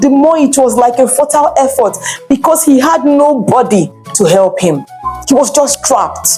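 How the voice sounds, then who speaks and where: Woman reads a children's story aloud with a fairly high, mellow voice and friendly teacherly asides. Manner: chatty, encouraging, asides to children. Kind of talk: bilingual storytelling lesson.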